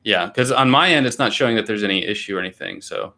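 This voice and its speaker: A man's voice: lowish voice, fast talker, bright, forceful tone. A young American man hosting a casual livestream, chatting eagerly and reading out viewer comments. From United States. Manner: enthusiastic, chatty, reads comments aloud. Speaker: livestream host.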